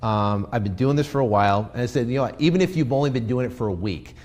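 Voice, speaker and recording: A man's voice: mid-range voice, fast. A man teaching real estate investing in a live stream, acting out sales lines to a seller, with many fillers and restarts. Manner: energetic, role-plays sales scripts to a seller.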